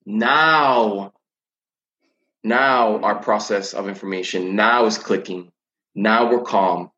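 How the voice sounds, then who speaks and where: A man's voice: lowish voice, slow, sharp tone, low-quality recording. A man talking about coping with anxiety as a teen coach in a casual podcast chat, earnest and often repeating words while he thinks.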